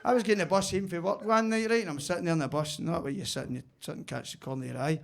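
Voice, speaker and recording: A man's voice: on the high side, racing, creaky. A man with a Glaswegian accent doing sweary, conversational stand-up comedy in a basement comedy club.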